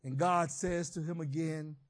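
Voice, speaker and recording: A man preaching a sermon, swinging between shouted emphasis and quiet, reflective teaching. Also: on the high side, fairly even intonation, unhurried.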